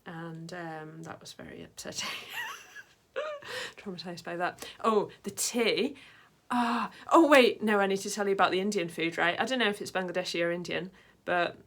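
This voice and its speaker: A woman's voice: lowish voice, very animated, normal speed, fairly bright tone. A woman vlogging in a casual, rambling way, full of fillers and side tangents. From Britain. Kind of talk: casual chat to camera.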